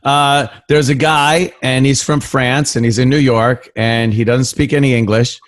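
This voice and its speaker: A man's voice: medium pitch, steady tone, a little slow. A man in casual comedic podcast chat, teasing dryly and telling a joke as a guest. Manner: laughing, dry teasing.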